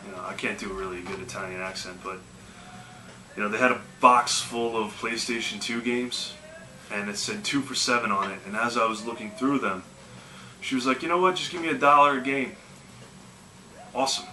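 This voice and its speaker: A man's voice: on the low side, steady tone, fairly quick, sharp tone, slight background noise. A man casually telling yard-sale stories in a laid-back, rambling way. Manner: laid-back, lots of "you know" and "man". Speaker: video game collecting vlogger. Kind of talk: casual storytelling. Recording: echoey room with faint music.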